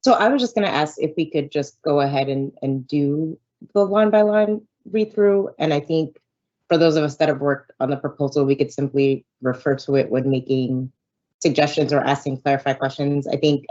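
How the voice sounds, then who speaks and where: A woman negotiator in a virtual meeting who speaks in a measured way, with some fillers. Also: low-pitched, dark tone, muffled recording. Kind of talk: meeting discussion. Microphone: video call.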